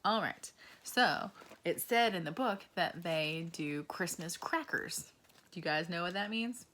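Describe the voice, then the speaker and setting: Woman, young adult, kids' teacher; low-pitched, slow and encouraging, faint noise under her voice. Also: lively intonation, bright, forceful tone. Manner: slow, encouraging, asks children questions. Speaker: preschool teacher. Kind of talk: children's lesson.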